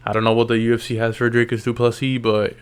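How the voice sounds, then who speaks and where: A man's voice: mid-range voice, little pitch movement, quick pace, smooth. A tired man recapping MMA fights late at night in loose, slangy casual talk, yawning and restarting his sentences. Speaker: MMA YouTuber.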